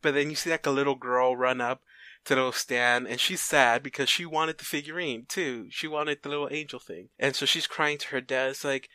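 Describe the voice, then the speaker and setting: A man's voice: mid-range voice, steady tone, brisk, bright, forceful tone, no room sound. A man casually retelling a made-up story plot, rambling with fillers and restarts and briefly voicing the characters in quotes.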